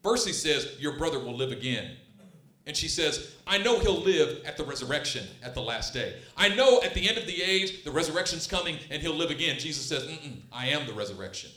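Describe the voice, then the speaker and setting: A man preaching a sermon with passion, swinging between hushed, tender lines and loud, emphatic ones. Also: a little high, sing-song, brisk. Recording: roomy echo.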